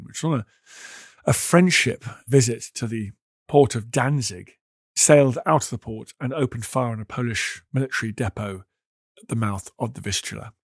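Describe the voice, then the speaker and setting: A man hosting a podcast, telling history in a measured, emphatic storytelling manner. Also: fairly low pitch, no room sound, studio quality. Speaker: podcast host. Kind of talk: scripted history narration.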